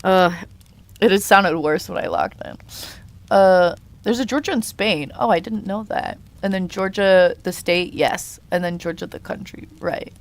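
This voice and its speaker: A woman's voice: medium pitch, measured pace. Young woman streaming, casual rambly chat, lots of um and like, restarts a lot. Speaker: live streamer reading chat.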